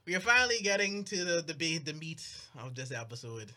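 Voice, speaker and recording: A young man co-hosting a podcast, recounting a story in casual chat with animated, mock-outraged delivery and quick put-on voices. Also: fairly high pitch. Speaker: podcast co-host.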